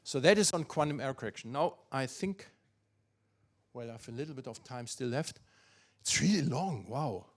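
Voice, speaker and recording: A man's voice: mid-range voice, animated, moderate pace. An older man with a German accent, giving an academic physics lecture and thinking aloud, with many fillers and restarts.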